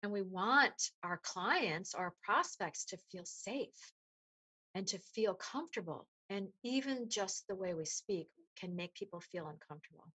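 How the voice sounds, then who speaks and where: A woman voice coach explaining voice resonance in an animated, demonstrative way during an interview. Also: mid-range voice, measured pace, breathy edge. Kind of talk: interview conversation.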